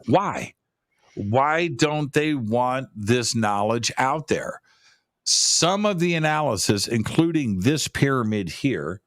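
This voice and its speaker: A man's voice: mid-range voice, dry recording, studio quality. A man talking casually about pyramids as a guest, rambling, repeating words and restarting his sentences. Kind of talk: casual conversational talk.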